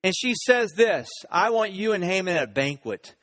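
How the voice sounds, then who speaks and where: A man's voice: sits high, animated, moderate pace, fairly bright tone. A man preaching a sermon, retelling a story and acting out the characters' lines. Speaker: pastor.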